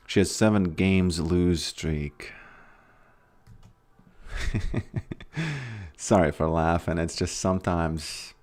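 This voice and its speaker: A man's voice: deep voice, a little mellow. A man casually commentating his own game on a live stream, thinking aloud and often restarting his sentences.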